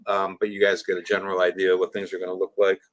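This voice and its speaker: Easygoing low-voiced male stream host. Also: completely flat delivery, racing, dry recording. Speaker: livestream host. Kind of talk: casual livestream chat.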